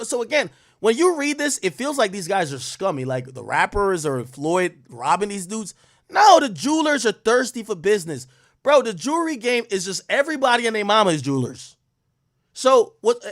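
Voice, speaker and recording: A young man hosts a podcast in loose, casual chat, rambling through slang-heavy stories. His voice sits high for a man and swings widely in pitch as he gets animated. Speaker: podcast host.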